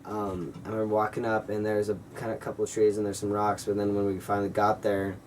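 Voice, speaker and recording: A man's voice: fairly low pitch, flat delivery, quick pace, darkish tone, far from the mic, slight background noise, poor audio. A young man vlogging, telling a personal story in a rambling, earnest way with lots of fillers, now and then acting out what people said. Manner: rambling, filler-heavy, earnest retelling with acted-out quotes. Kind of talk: casual storytelling to camera.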